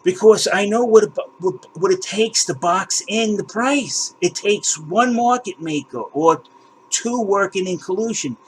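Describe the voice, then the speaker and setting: Indignant male host, slightly high voice, swears and stumbles over repeats, faint hiss behind. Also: unhurried, rough recording. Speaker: crypto channel host. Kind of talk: ranting screen walkthrough.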